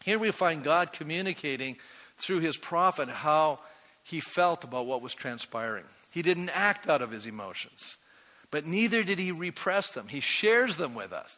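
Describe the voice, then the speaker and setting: A man preaching from the pulpit with a bright, forceful, slightly high voice that carries across a large church. He keeps turning to the congregation with questions, and a long reverb tails off every phrase. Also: expressive, moderate pace. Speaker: pastor. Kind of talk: sermon.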